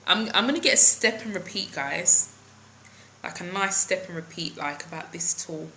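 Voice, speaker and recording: A woman's voice: lowish voice, moderate pace, bright, forceful tone, slight background noise, rough recording. A middle-aged woman hosting a casual live stream from her phone, chatting with viewers and greeting them by name between thoughts, with many ums.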